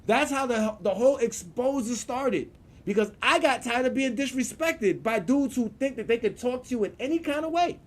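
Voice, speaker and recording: A man hosting his own vlog, ranting in an animated, profane way with frequent laughter and repeated words. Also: extremely high pitch, moderate pace. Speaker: show host.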